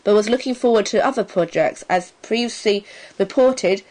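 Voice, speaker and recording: A woman's voice: mid-range voice, moderate pace, a little mellow, rough recording. A woman with an Isle of Wight accent co-hosting a casual home podcast, chatty and reading news with stumbles. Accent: Isle of Wight English. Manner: chatty, interrupting, reads with stumbles. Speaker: podcast co-host.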